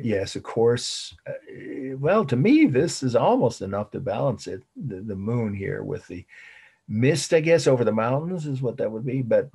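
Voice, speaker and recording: A man's voice: lowish voice, creaky, darkish tone, breathy edge. A middle-aged man giving a conversational art history lecture, often repeating words and chuckling at his own asides. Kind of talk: classroom lecture.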